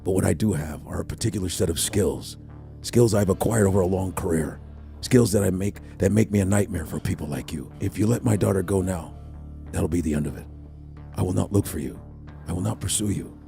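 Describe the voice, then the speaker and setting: A grim middle-aged action hero , as a man impersonates him makes slow, measured threats in a very deep, gravelly voice. The tone is dark and mellow, and soft music runs underneath. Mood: menacing. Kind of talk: movie-villain-threat impression.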